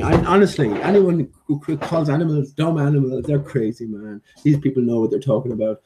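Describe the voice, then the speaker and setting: A man talks to his viewers in a loose, rambling way, with plenty of ums and restarts. His voice is mellow and warm. Now and then he breaks off to mock-scold a dog at his feet. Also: mid-range voice, fairly quick, few pauses. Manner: rambling, with many fillers and restarts; playfully scolds his dog between thoughts. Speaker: vlogger. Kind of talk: casual vlog chat.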